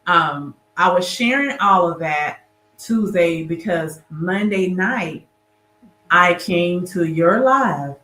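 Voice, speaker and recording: A woman's voice: on the low side, animated, takes it slowly, pushed and bright, roomy sound. A woman guest in a casual interview, telling her story earnestly and with animation.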